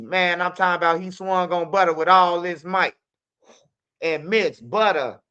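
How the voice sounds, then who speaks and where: A man talking fast and loose as a stream host, acting out fight noises as he tells a story. His voice is bright and forceful, a little high for a man, and the audio sounds dull and lo-fi. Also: clear, resonant tone. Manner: animated, acts out fight sounds and quotes. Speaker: commentary channel host. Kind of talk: casual storytelling commentary.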